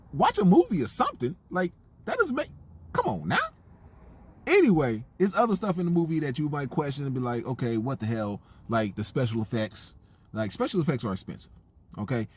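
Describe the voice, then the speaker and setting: A man giving a comedic, incredulous movie review in a joking, animated way. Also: mid-range voice, slightly rough.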